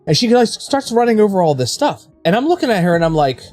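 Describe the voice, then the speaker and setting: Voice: medium pitch, sing-song, brisk, hardly any pauses, a little mellow, soft background music. A game streamer chatting casually with viewers, telling stories frankly, with swearing and many restarts.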